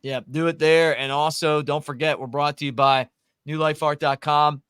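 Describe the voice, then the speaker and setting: A man's voice: a little high, fairly even intonation, moderate pace, fairly bright tone, clean tone, no room sound, studio quality. Rambling man hosting a show. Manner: rambling, folksy, many restarts. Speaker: podcast host. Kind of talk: casual sports talk show.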